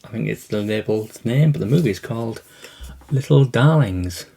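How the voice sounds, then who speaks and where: A man's voice: medium pitch, expressive, normal speed, gravelly, dark tone, slightly rough. A man hosting a casual unboxing vlog about his film collection, talking in a rambling, hesitant way with lots of fillers and restarts.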